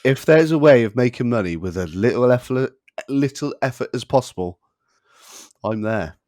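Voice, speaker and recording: A man's voice: mid-range voice, lively intonation, moderate pace, a little mellow. A young man co-hosting a podcast, chatting casually, giggly and easily amused. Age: young adult. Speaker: podcast co-host. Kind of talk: casual chat.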